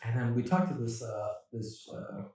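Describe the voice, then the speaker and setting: A man's voice: mid-range voice, expressive, normal speed, warm tone. A man co-hosting a casual comedy podcast, telling rambling stories with laughs and acted-out dialogue. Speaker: podcast co-host. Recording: very echoey room, far from the mic.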